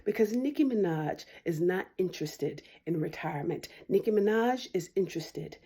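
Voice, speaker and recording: Low, mellow-voiced woman arguing her case. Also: animated, moderate pace, husky. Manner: argumentative, frequent tag "right?"; acts out quoted voices with big pitch jumps. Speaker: lawyer commentator. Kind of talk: opinion commentary to camera.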